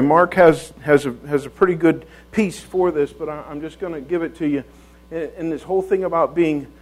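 A man's voice: a little high, a little mellow, rough recording. A man preaching a conversational sermon in a church, folksy, often repeating words and asking rhetorical tag questions.

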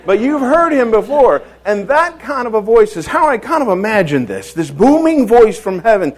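High-voiced folksy male preacher. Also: big pitch swings, moderate pace, low-quality recording. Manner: folksy, repeats words, rhetorical tag questions. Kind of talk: conversational sermon.

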